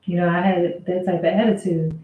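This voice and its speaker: A woman with a fairly low, flat voice talks fairly quickly in a casual storytime about her workplace. She vents in an aggrieved, conversational way, swearing now and then, and the audio sounds roomy and thin like a phone.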